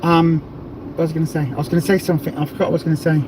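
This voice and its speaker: A man's voice: a little high, flat delivery, very fast, noisy background. A man from the south of England hosting a casual livestream, chatty and rambling with plenty of jokes. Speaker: livestream host.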